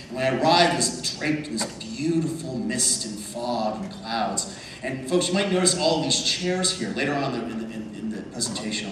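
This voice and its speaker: A man speaking at a convention panel, telling a story over slides in an animated way and calling the audience "folks". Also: mid-range voice. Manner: animated, addresses the crowd as folks. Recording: echoey hall from far off, noisy.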